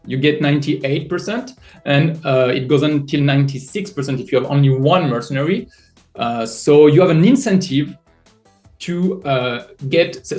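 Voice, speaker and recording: Man with a French accent, halting. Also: on the high side, a little mellow. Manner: halting, many restarts and fillers while explaining. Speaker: NFT project creator. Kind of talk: AMA audio chat.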